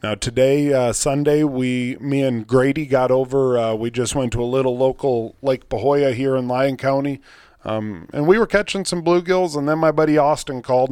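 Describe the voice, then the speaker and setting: Male podcast host, mid-pitched, rambling and excitable, dry close mic. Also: smooth, no echo. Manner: rambling, excitable storyteller with mild swearing. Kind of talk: casual chat.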